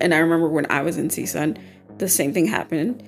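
A woman's voice: low-pitched, fairly quick, gravelly, faint music behind. A young woman co-hosting a podcast, chatting casually with many fillers and restarts. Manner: conversational, loose, with frequent fillers and restarts. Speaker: podcast co-host. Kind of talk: casual chat.

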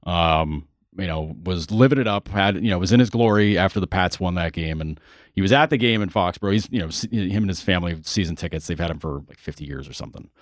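A man's voice: sits low, fast talker, no echo, clean studio sound. A man co-hosting a casual sports podcast who talks in a laid-back, rambling way. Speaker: podcast co-host.

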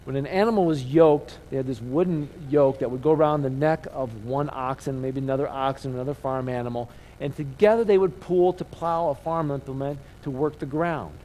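A man's voice: mid-range voice, brisk, few pauses, mellow, slight background noise, rough recording. A male pastor giving a conversational sermon, asking rhetorical questions and calling on the audience to repeat key words after him. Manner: call-and-response, asks audience to repeat words.

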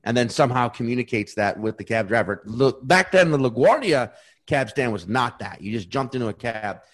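Lively male storyteller. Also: mid-range voice, fairly quick. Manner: storytelling with restarts. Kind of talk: casual chat.

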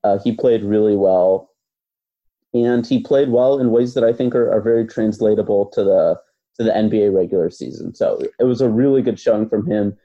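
A man co-hosts a basketball podcast, working through his opinions in a relaxed, thoughtful manner full of fillers and hedges. His voice sits on the lower side with a dark tone and muffled highs, and he talks at a moderate pace.

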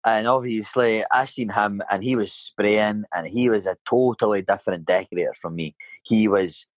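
A man's voice: lowish voice, moderate pace, no echo, rough recording. A Scottish man in his thirties, a painter and decorator, telling a rambling story in casual chat and filling it with "mate" and "you know". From Scotland.

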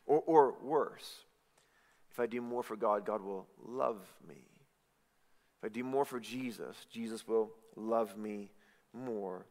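A male pastor preaching a sermon, swinging between hushed lines and loud emphatic bursts, often stumbling and restarting words. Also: fairly low pitch, slow. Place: church hall. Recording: long hall reverb.

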